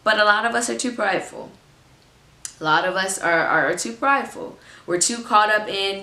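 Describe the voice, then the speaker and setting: A woman's voice: mid-range voice, normal speed, sharp tone, roomy sound. A woman in her twenties giving a motivational talk to her viewers, emphatic and repeating phrases for effect. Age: 20s. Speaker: faith vlogger.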